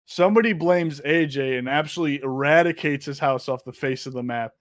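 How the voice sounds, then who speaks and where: A young man with a slightly high voice tells stories as a podcast guest. He is animated, laughs often and swears freely, and his voice sounds dry and close. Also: brisk, no room sound. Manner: profane, laughing, animated storyteller. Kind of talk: casual chat, storytelling.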